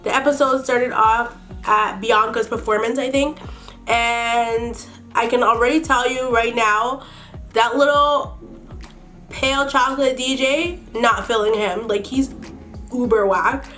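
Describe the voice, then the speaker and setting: A woman's voice: a little high, fairly even intonation, a little slow, bright, forceful tone, soft background music. A slightly sick woman doing a makeup tutorial while recapping a reality show in blunt, profane, sassy commentary. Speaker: beauty vlogger.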